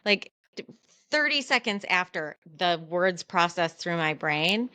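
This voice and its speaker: Smooth-voiced candid woman podcast co-host. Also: on the low side, measured pace, dry recording. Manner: candid, animated, self-deprecating. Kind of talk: casual conversational podcast.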